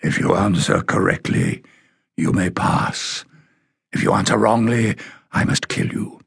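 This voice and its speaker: A man voicing a grim, bewitched male bridge guard in a storybook, with a low, rasping voice and slow, flat delivery. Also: no room sound, clean studio sound, full character voice.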